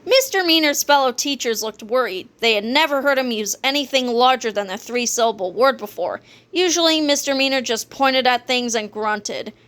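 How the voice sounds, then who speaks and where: Woman reader, children's book, playful narration, slightly high voice. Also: moderate pace. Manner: playful, lively storytelling. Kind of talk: children's book read-aloud.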